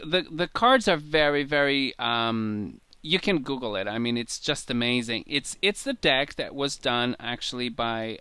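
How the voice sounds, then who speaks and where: A man's voice: mid-range voice, bright, forceful tone, clear, resonant tone, dry recording. A man being interviewed as a guest tarot reader, explaining his decks in an enthusiastic, rambling way. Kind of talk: conversational show-and-tell interview.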